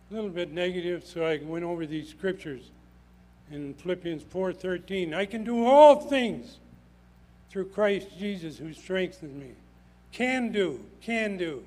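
A man's voice: on the high side, poor audio. An older man preaching a sermon with emphatic delivery, repeating key phrases for stress.

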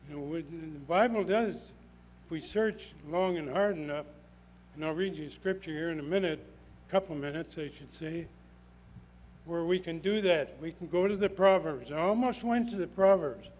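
Older male preacher, emphatic, repeats lines, slightly higher voice. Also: normal speed, darkish tone, slight background noise, rough recording. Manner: emphatic, repeats phrases for stress. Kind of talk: sermon.

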